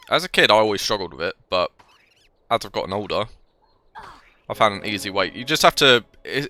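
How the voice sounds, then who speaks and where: Brief: young gaming host, deep but lively voice, rambling chatter, slight cold, faint hiss. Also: male voice. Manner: chatty and rambling, with restarts, and talks to the game as he plays. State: slightly ill, coughing. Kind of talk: casual let's-play commentary.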